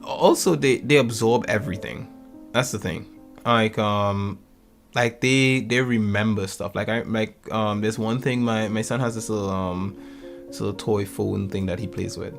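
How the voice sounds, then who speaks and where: A man in his thirties casually telling a lively story about his kids, acting out their lines and laughing often. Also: on the low side, moderate pace, creaky, soft background music. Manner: animated, acts out family quotes, laughs often. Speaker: podcast co-host.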